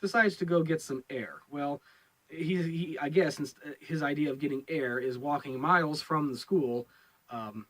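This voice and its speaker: A man's voice: fairly high pitch, normal speed, fairly bright tone, rough recording. A man giving a casual review of a TV episode, rambling and repeating his words with many fillers. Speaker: show reviewer.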